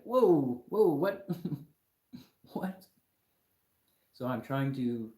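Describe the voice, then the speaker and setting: A man's voice: medium pitch, mellow. Lecturing man in an echoey room. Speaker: livestream host. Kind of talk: live stream talk to chat viewers.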